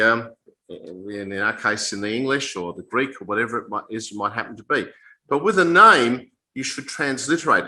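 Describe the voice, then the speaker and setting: A man teaches from the Bible in an informal, conversational talk. His voice has a very bright, sharp edge. He often stumbles and restarts mid-sentence, then drops in casual asides. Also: medium pitch, rough recording. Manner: halting, repeats and restarts phrases mid-sentence; plain conversational explaining with asides.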